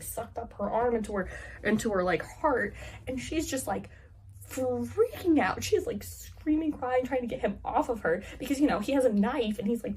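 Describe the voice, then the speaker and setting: A woman's voice: on the high side, a little mellow, slight background noise. A woman casually recapping a fantasy novel's plot, rambling with lots of "like" fillers. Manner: rambling, heavy use of "like" fillers. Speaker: book reviewer.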